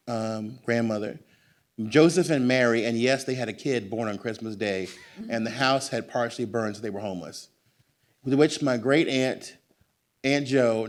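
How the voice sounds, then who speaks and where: An American man giving a book talk in a bookstore, telling family stories to an audience and acting out the voices of his relatives. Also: mid-range voice. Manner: animated, acts out family voices. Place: bookstore event room.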